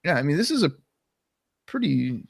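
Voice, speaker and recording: A man's voice: on the high side, big pitch swings, moderate pace, gravelly, breathy edge, no room sound. A man co-hosting a podcast in casual chat, talking loosely and trailing off at the ends of sentences, his throat catching. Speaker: podcast co-host. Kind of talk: casual chat recapping wrestling.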